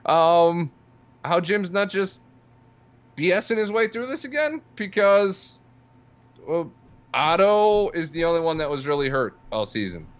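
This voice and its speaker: A man's voice: high-pitched, very animated, unhurried, clear, resonant tone, muffled recording. A man co-hosting a casual sports podcast, dry and sarcastic, chuckling through his points. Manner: dry, sarcastic, laughs while talking. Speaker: podcast co-host.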